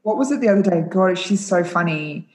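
A young woman with a fairly low voice, co-hosting a relaxed podcast chat. She tells family stories at an easy pace, quoting the kids in playful voices. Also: fairly quick. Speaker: podcast co-host. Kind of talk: casual chat.

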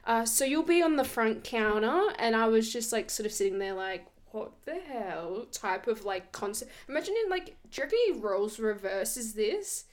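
A woman's voice: on the high side, moderate pace, few pauses. A young woman, telling stories in a casual chat and laughing often. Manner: animated storyteller, laughs often.

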